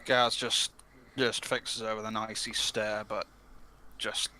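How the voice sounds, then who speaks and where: A man's voice: fairly low pitch, level tone, slow pace, sharp tone, slight background noise. A man playing a tabletop game, hesitantly describing his character's actions. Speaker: player. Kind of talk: casual tabletop play.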